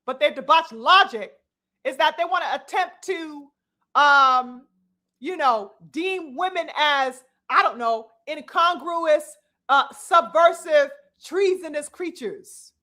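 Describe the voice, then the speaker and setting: A woman with a high, bright, ringing voice delivers a heated live commentary. She lectures like a preacher, stressing long words, swearing freely and calling her audience brothers and sisters. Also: slow pace. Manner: preachy, emphatic, profane, addresses "brothers and sisters". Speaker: commentary host.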